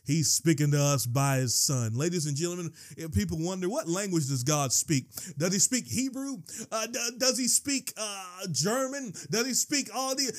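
A man preaching a sermon as pastor. He swings from quiet scripture reading to excited yelling and repeats words when he gets worked up. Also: a little high.

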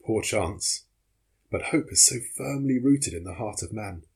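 A man narrates an audiobook in a measured, steady manner. His voice is husky and sits on the low side. He reads the story aloud without hurry. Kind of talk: scripted narration.

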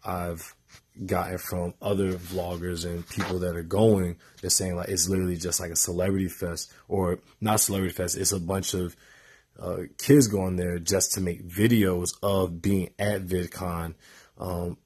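Young man, tired, casual vlog talk, rambling restarts, deep voice, monotone. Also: normal speed, husky. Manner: rambling and hesitant, with many restarts and fillers. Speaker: vlogger.

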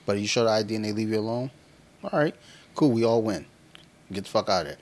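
A man's voice: on the low side, fast talker. A man in his thirties co-hosting a podcast, telling loose, profane stories in casual chat and laughing often. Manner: laughs often while talking. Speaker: podcast co-host.

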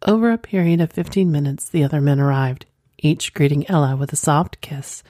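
Low, mellow woman reading a sensual story. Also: brisk, no echo, studio quality. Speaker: narrator.

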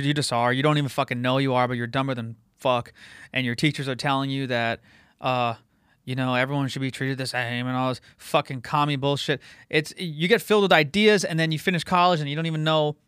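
A man in his late twenties opens his podcast in a loose, profane ramble, full of fillers and restarts. His voice is smooth and a touch high. The recording is dry and close, with no room sound. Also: fairly bright tone, no echo. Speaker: podcast host. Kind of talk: casual podcast intro monologue.

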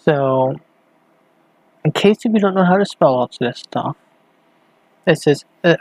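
A man hosting a casual late-night solo podcast, rambling and halting as he thinks aloud while clicking around on his computer. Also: on the high side, lively intonation, darkish tone, no echo, low-quality recording. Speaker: podcast host.

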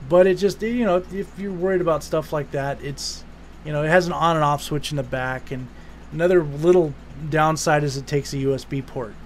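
A man's voice: fairly high pitch, brisk, slight background noise. A man hosting a podcast, talking in a rambling, casual way with swearing and restarts. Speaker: podcast host.

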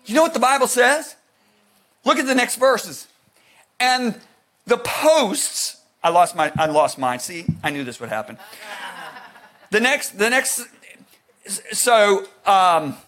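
A man preaching a sermon, animated and joking, shouting some words for emphasis and rambling with restarts. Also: sits high, slow pace, pauses often. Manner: rambling with restarts, jokey asides.

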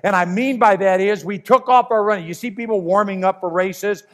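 A man's voice: high-pitched, brisk, a bit bright. A man preaching a sermon in an earnest, emphatic way, repeating his key phrases.

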